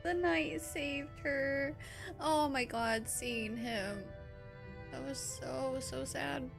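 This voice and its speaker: A woman's voice: high voice, drawn-out words, creaky, over music. A woman game streamer talking to her chat in a casual, gushing and emotional way.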